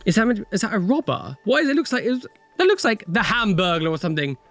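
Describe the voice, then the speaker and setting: A man's voice: high voice, very animated, fast, fairly bright tone, soft background music. Chatty young man reacting. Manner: chatty, exclaiming, swearing, rambling. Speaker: tattoo reaction video host. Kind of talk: casual reaction commentary.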